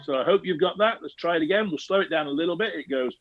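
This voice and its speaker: Brief: steady British drum tutor, dry dull video-call audio. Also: male voice, fairly high pitch, fast, hardly any pauses, no echo, soft background music. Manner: calm, steady, chants rhythm syllables. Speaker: drumming teacher. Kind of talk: teaching a rhythm step by step.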